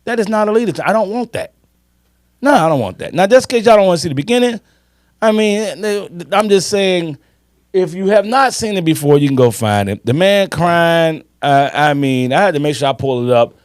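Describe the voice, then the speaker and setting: A man's voice: fairly high pitch, darkish tone, dry recording, studio quality. A man, co-hosting a casual sports podcast and talking emphatically with plenty of swearing. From Chicago. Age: 50s. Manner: emphatic, swearing, drawn-out storytelling. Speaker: podcast co-host.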